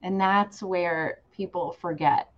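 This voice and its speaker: A woman's voice: on the low side, slow pace. A woman in her forties hosting a casual interview and encouraging her guest. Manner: encouraging, warm affirmations. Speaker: host. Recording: slightly dull, lo-fi audio.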